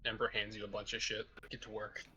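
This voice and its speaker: A man at a tabletop game table, tossing out quick jokes and describing what his character does. His tone is bright and forceful but husky, and he talks in a casual, playful way. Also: fairly low pitch, monotone. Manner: quick joking asides. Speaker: player.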